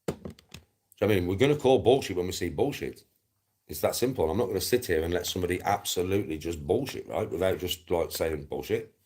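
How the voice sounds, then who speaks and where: A middle-aged man with a Black Country accent rants at his critics on a livestream. His voice sits low and has a husky edge. He swears constantly, repeats himself and sounds scornful throughout. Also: expressive, quick pace, a little mellow. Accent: Black Country English. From England. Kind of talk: angry livestream rant.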